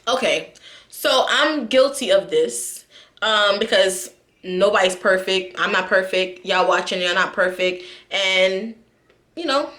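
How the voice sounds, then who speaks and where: Chatty New woman vlogger, bright tone, roomy echo; candid, talks straight to viewers. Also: mid-range voice. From New York. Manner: chatty, candid, lots of fillers, addresses viewers directly. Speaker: YouTube vlogger. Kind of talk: casual chat to camera. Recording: echoey room.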